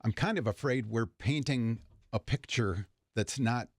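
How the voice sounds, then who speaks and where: A man co-hosting a morning radio talk show, speaking in a hesitant, measured way and gently pushing back. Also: medium pitch, no echo.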